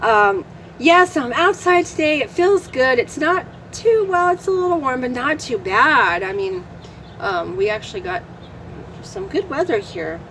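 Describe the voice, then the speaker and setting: A woman's voice: high voice, lively intonation, unhurried, fairly bright tone, slight background noise, low-quality recording. A woman hosting her own vlog, chatting casually outdoors in the shade in a rambling way and often laughing. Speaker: vlog host. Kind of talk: casual chat to camera.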